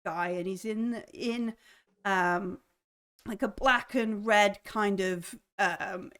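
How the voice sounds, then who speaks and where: A woman's voice: medium pitch, takes it slowly, a bit bright, clean tone. A woman narrating a tabletop game as game master, rambling with many fillers.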